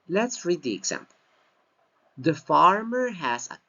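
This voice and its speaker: A man teaching an English grammar lesson from slides, speaking slowly and deliberately and repeating key phrases. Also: mid-range voice, wildly swooping pitch, vocal fry, sharp tone. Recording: dull lo-fi recording.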